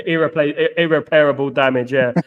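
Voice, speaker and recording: A man with a voice on the high side hosts a live football watchalong, talking fairly quickly with fairly even intonation over narrow, tinny audio. He chats casually and answers viewers in live chat with exasperation.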